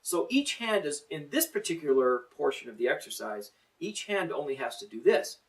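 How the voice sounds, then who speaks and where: A man's voice: on the high side, very animated, normal speed, far from the mic, slight background noise, poor audio. A middle-aged man teaching a drum lesson, counting in and coaching in a plain-spoken, encouraging way.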